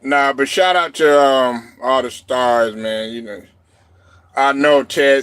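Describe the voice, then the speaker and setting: A man hosting a casual live stream, rambling and laughing often, breaking into loud shouted reactions. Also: mid-range voice, slow, smooth, dry recording, studio quality. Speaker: show host.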